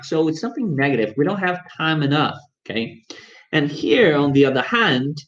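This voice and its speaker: Male English teacher, fairly high voice, upbeat and coaxing, dull lo-fi stream audio. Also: animated, normal speed, fairly bright tone. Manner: coaxing, upbeat, talks straight to viewers. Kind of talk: live-streamed English lesson.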